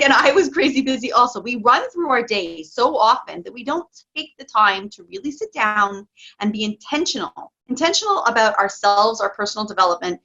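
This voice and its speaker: A woman coaching parents in a casual interview, chatty and excitable, laughing often. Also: mid-range voice, lo-fi sound.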